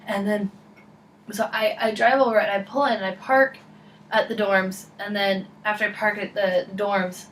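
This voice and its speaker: A young woman vlogging, telling a rambling, excitable story full of "like" in a casual chat. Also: mid-range voice. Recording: voice a bit far from the mic, faint background noise.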